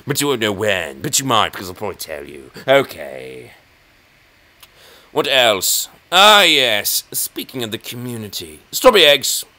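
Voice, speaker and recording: A man's voice: medium pitch, sing-song, unhurried, bright, forceful tone. A man with an English accent, rambling and mocking himself as he comments on his own chess game. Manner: rambling, self-mocking, talks to himself and the opponent. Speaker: chess channel host.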